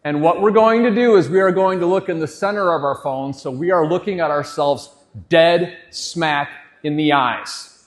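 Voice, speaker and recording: The same forties-aged motivational speaker, voice on the high side and pace normal, fires up a crowd in a large hall. He curses and gets the audience chanting back at him, with echo and faint crowd noise in the recording.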